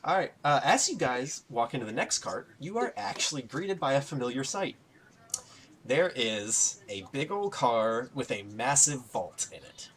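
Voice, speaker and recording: A man's voice: medium pitch, very animated, normal speed, fairly bright tone, low-quality recording. A man narrating as game master, casual and full of fillers.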